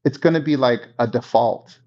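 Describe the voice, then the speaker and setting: A man's voice: mid-range voice, moderate pace, a little mellow. A man giving a conversational real estate coaching talk, often checking in with his listeners. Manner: conversational, checks in with 'okay?' and 'right?'. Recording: dull lo-fi recording.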